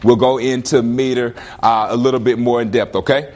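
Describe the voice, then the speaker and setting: A male teacher leading a classroom lesson, firing questions at students in lively call-and-response. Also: mid-range voice, moderate pace, background noise.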